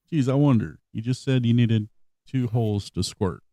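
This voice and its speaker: A man's voice: mid-range voice, normal speed, background noise. A man co-hosting a casual comedy podcast, joking and laughing, often trailing off with fillers. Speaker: podcast co-host.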